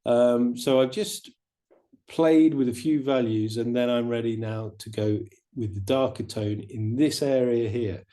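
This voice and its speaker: A middle-aged man teaching watercolor painting, chatting in a relaxed way and explaining each step as he paints. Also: medium pitch, measured pace. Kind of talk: painting demonstration.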